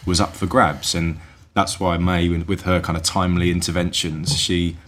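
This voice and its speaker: Deep-voiced man giving measured analysis. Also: level tone, a bit bright. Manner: measured, analytical, hedging with fillers. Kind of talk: casual political chat.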